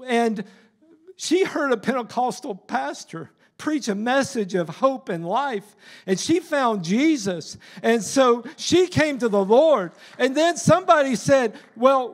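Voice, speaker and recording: Guy preaching in church, really high voice, gets all fired up. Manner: excitable, emphatic preaching. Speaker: missionary preacher. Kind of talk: sermon. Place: church sanctuary.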